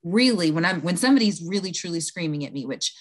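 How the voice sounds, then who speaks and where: A woman in her thirties speaks earnestly as a guest coach on a podcast. Her voice sits fairly low. She often acts out quoted lines to show her point. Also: lively intonation, quick pace. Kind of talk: podcast interview, explaining.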